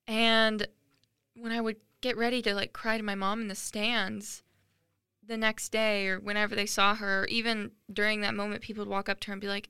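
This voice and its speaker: Bright, crisp teenage girl. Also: medium pitch, no room sound, clean studio sound. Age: teens. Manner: candid, chatty, self-deprecating. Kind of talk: casual personal monologue.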